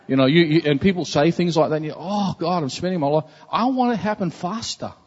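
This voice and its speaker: A man's voice: high-pitched, fast talker, few pauses, slightly rough. Earnest man preaching in an echoing hall. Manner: earnest, conversational preaching with repetitions. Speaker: pastor. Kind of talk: sermon. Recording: dull, reverberant hall recording.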